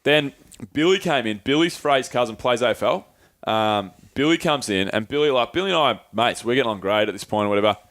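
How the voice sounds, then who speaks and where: A man's voice: mid-range voice, animated, a little fast, a bit bright, dry recording, clean studio sound. Man telling a story. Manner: swears freely, acts out friends' voices. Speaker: podcast co-host. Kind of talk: casual storytelling chat.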